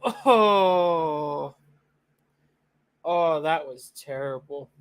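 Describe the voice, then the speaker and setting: A young adult streamer ranting excitedly and profanely in a casual live-stream reaction, with loud outbursts. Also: medium pitch, extremely slow, smooth.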